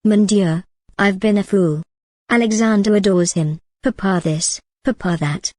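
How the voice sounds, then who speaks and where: A woman's voice: medium pitch, unhurried, dark tone, no echo, natural voice. A woman voicing a French woman curator in her mid-fifties, shaken and with a cracking voice.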